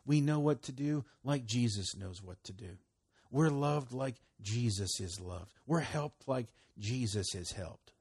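A man preaching a relaxed, conversational sermon, his voice rising for emphasis and dropping to a murmur. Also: measured pace, breathy edge. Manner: conversational, swinging between loud emphasis and low murmurs. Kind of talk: sermon teaching.

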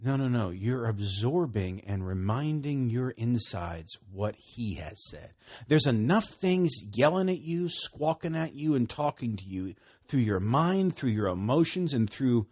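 A man giving a casual, animated sermon, often laughing and acting out conversations. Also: medium pitch, unhurried, breathy edge. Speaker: preacher.

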